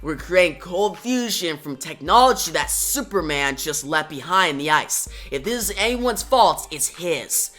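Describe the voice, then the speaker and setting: A smug, scheming male tech businessman boasts about his plans, as a woman puts him on while reading a comic. His voice sits a little low, with a bright, forceful tone. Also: lively intonation, a little slow, hardly any pauses, faint music behind.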